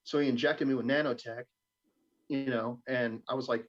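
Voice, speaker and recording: A man's voice: medium pitch, quick pace. Young guy cussing his way through a story, acts out the voices, muffled lo-fi stream sound. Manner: profane, animated, acts out quoted voices. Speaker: guest. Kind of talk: casual storytelling on a live show. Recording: dull lo-fi stream audio.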